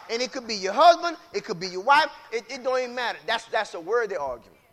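A man preaching a sermon with call-and-response phrases, repeating lines and building into shouts. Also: sits high, expressive, fast, hardly any pauses.

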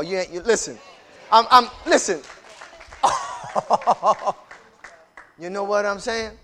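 An emphatic preacher man with a high, bright voice. He talks in a loose, repetitive preaching style and builds up to shouting at times. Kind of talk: preaching-style casual talk.

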